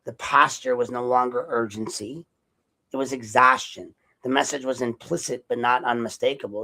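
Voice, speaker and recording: A man's voice: medium pitch, fairly even intonation, normal speed, bright, forceful tone, poor audio. A man hosting a solo podcast monologue, rambling and sarcastic, with profanity and frequent self-corrections. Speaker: podcast host, investigative journalist.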